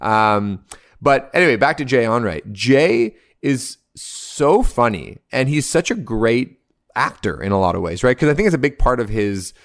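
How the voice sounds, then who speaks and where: A man's voice: mid-range voice, sing-song, normal speed. A man hosting a podcast in casual chat over a video call, rambling and laughing easily. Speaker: podcast host.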